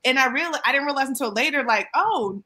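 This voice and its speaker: A woman in her thirties co-hosting a podcast, chatting casually and animatedly with quick asides and playful mock voices. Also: high voice, lively intonation, pushed and bright. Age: 30s. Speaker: podcast co-host. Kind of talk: casual chat.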